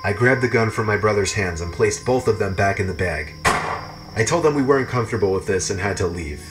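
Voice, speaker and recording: A man with a fairly low voice narrates true horror stories in a steady, measured way. Soft music plays faintly behind him. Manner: even, measured storytelling. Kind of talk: scripted narration.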